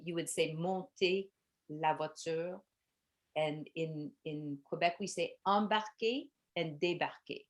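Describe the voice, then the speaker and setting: A middle-aged woman with a low voice, who works as a bike tour guide and language teacher, gives a virtual tour presentation. She's chatty and explanatory, often saying "um" and "like."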